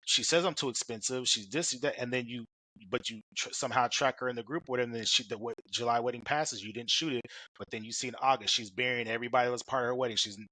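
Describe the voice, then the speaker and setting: Fast, bright-voiced man hosting a podcast. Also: medium pitch, dry recording, low-quality recording. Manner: rambling, many fillers and restarts. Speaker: podcast host. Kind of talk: casual interview chat.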